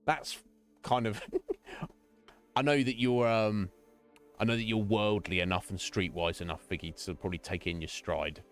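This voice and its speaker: A man streaming a game, chatting casually in a rambling, halting way and often laughing. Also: lowish voice, fairly even intonation, faint music behind.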